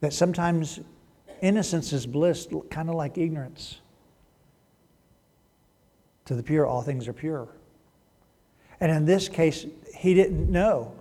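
High-voiced man teaching scripture. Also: slow pace, pauses often, warm tone, long reverb tail. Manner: chatty, rhetorical questions to listeners. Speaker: Bible teacher. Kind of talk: conversational Bible teaching.

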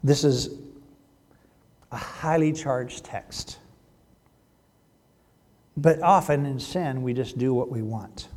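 A man's voice: medium pitch, takes it slowly, long pauses, a little mellow. A middle-aged man, a pastor, delivering a sermon with emphatic swells and drops in volume. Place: church sanctuary. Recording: long hall reverb.

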